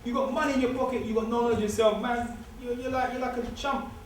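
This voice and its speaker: Talking fast in a very high-pitched voice with fairly even intonation, a guest speaker gives a joking, streetwise talk to a student society, driving points home by repeating them. The recording comes from far across a large lecture hall, distant and echoey, with slight background noise.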